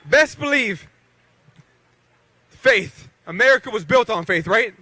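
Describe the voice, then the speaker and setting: Fired-up high-voiced male rally speaker. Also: animated, takes it slowly, pauses often, sharp tone, dry recording. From Beaver County, Pennsylvania. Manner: fired-up, call-and-response with crowd. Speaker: rally speaker, professional boxer. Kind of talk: rousing rally speech.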